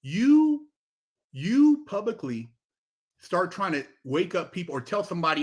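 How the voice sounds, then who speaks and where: Middle-aged male guest, very high pitch, emphatic storyteller with salty language. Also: brisk, breathy edge. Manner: animated, emphatic, heavy swearing, acts out quotes. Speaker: podcast guest. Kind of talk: casual chat, storytelling.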